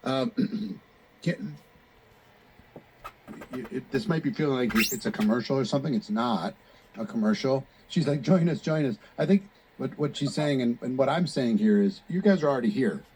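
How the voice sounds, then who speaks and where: A man's voice: mid-range voice, lively intonation, normal speed, a little mellow, slight background noise, rough recording. A man co-hosting a live online session, laying out his points in a direct, explanatory way.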